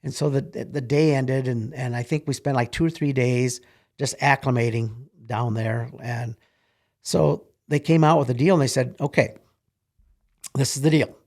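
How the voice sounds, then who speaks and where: An older man, a retired military officer, spins folksy, rambling stories in a casual interview. His voice is medium-pitched and a little mellow, at a moderate pace.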